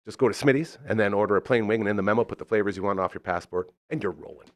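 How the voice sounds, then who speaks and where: A man hosting a live podcast, effusive and enthusiastic, swinging between loud excitement and soft sincerity while reading sponsor spots. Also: on the low side, rapid-fire, no echo. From Canada. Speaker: host. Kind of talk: live podcast talk with ad reads.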